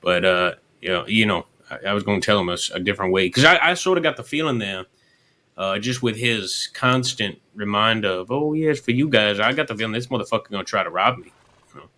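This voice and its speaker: Bright-voiced profane Western drawler. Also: male voice, lowish voice, quick pace. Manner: folksy, profane, persuasive. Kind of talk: in-character roleplay chat.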